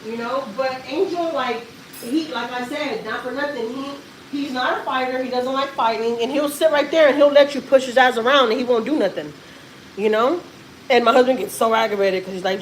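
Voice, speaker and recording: Cussing mom venting on livestream. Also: female voice, sits high, brisk, a little hiss or hum, low-quality recording. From Houston, Texas. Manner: animated, frequent cussing and laughing. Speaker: vlogger and mother.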